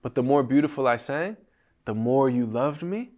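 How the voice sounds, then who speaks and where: A man voicing a caged talking parrot longing for freedom, in a quiet, confessional tone that softens at the ends of phrases. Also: mid-range voice, lively intonation, normal speed, close to an everyday voice. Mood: wistful.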